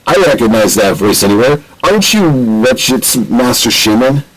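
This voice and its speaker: A man's voice: mid-range voice, big pitch swings, moderate pace, fairly bright tone, poor audio. A man voicing a nosy male news reporter in a plain, prying voice. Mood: curious.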